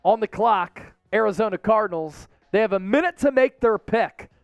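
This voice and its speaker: An excitable man with a high voice hosts a live sports stream and talks straight to the viewers in the chat. The sound is dry, and faint music plays underneath. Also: moderate pace, no echo. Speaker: host of a live draft stream.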